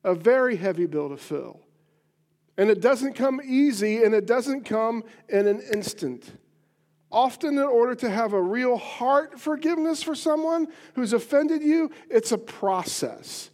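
Male preacher with a high voice, earnest and emphatic, teaching a sermon. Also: lively intonation, unhurried, a little mellow. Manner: earnest and emphatic, repeats phrases for stress. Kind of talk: sermon teaching from a Bible passage.

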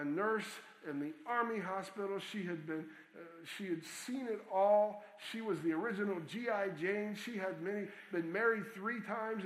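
A man's voice: high-pitched, fairly bright tone, echoey room, rough recording. A man, a pastor, earnestly telling a true story in a sermon, with small restarts.

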